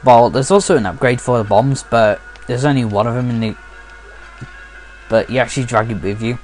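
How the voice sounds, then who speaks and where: A man talks through his game play in a relaxed, rambling way, sounding sleepy and often restarting his sentences. His voice sits at an ordinary middle pitch. Soft game music plays quietly underneath. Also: a little fast. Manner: rambling, frequently restarting and correcting himself. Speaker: let's play commentator. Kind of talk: casual game commentary.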